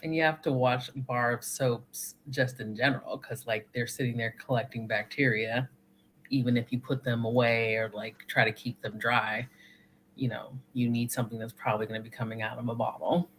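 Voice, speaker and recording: Bright-voiced co-host with faint hiss. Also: medium pitch, fairly even intonation, normal speed, poor audio. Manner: teasing asides and laughing. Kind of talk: casual chat.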